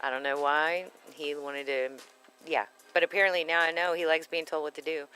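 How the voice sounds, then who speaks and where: A woman co-hosting a radio show, telling stories in animated, laughing casual chat. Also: low-pitched, clean tone, faint music behind, poor audio. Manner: animated storyteller, quick to laugh.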